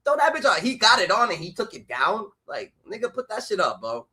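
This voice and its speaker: Brief: male streamer, high bright voice, swings wildly, cursing rants on a live reaction stream. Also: sing-song, fairly quick. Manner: loud, heated, swears constantly, jumps between shouting and muttering.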